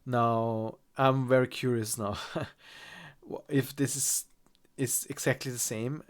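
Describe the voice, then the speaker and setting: A man with a nasal voice from a cold, teaching a software tutorial and thinking aloud with halting restarts. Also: medium pitch, fairly even intonation. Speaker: course instructor. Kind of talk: screen-recorded software tutorial.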